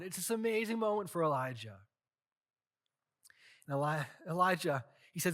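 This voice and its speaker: Bright-voiced male pastor storytelling. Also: fairly high pitch, moderate pace, long pauses. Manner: casual, animated retelling. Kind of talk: sermon with storytelling.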